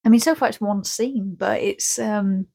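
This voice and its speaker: Woman, podcast co-host, rambling, jokey, mid pitch. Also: normal speed, gravelly, warm tone, breathy edge. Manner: rambling, jokey, acts out scenes. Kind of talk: casual chat.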